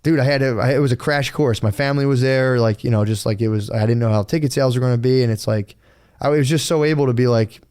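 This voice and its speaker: A clear, resonant, slightly mellow mid-range voice moves at a quick pace as this man co-hosts a casual podcast. He rambles about his experiences with free swearing, quoting himself in other voices.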